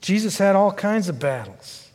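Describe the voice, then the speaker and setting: A male pastor preaching a sermon, asking the congregation questions and swinging from fervent pleading to quiet, low reflection. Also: expressive, moderate pace, big-room sound. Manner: earnest and questioning, rising to fervent pleading then dropping low.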